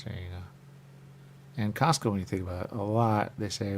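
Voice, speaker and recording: A man hosting a radio talk show in rambling casual chat, often jumping into quick high voices to act out what people say. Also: fairly even intonation, gravelly, slight background noise. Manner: rambling, acts out quick high-pitched quoted voices, repeats "there you go".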